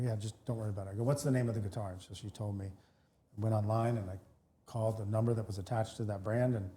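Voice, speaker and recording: Storytelling man with a mellow voice. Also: fairly low pitch. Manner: animated storyteller, many restarts, acts out both sides of dialogue. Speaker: podcast co-host, real estate broker. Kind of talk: casual storytelling chat.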